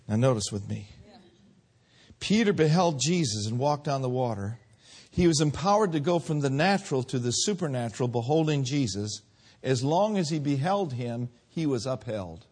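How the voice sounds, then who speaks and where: A man preaching a sermon, swinging between loud drawn-out peaks and quiet low lines. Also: breathy edge.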